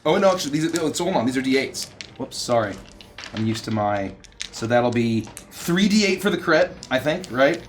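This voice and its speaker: A man playing a tabletop game, excitable and describing his character's attacks. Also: medium pitch, fairly quick, a little hiss or hum. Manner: excitable, shouts and laughs. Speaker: player.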